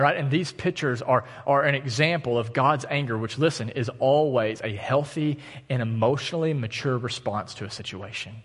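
This husky, medium-pitched voice belongs to a pastor in his thirties preaching in a church sanctuary. His delivery is casual and full of anecdotes where he pokes fun at himself, and the hall's long reverb trails every line.

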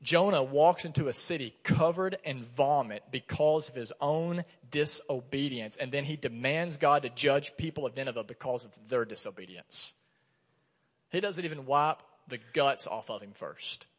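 A man's voice: medium pitch, normal speed, long reverb tail. A man, a pastor in his thirties, preaching a sermon in a conversational way, telling stories from his own life. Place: church sanctuary.

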